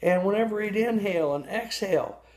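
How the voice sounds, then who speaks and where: A folksy male storyteller, spinning a tale and stopping to quiz his listeners. His voice sits a bit high for a man and his delivery is relaxed and homespun. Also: a little fast. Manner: folksy, asks listeners questions. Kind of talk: storytelling for an audience.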